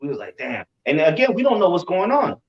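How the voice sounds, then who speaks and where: A man recounts events in animated, casual chat, stumbling over repeated words and cursing as he goes. His voice sits a little high and comes from away from the mic. The sound is roomy and dull. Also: fast talker, recorded from a distance. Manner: animated, repeats himself, swears. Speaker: religious group member. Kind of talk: casual storytelling.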